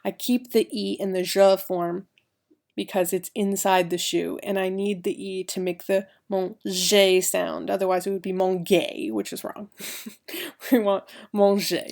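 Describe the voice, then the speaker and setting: A woman's voice: medium pitch, flat delivery, moderate pace, creaky, a little mellow. A woman teaching a recorded French grammar lesson, explaining each step and spelling out letters.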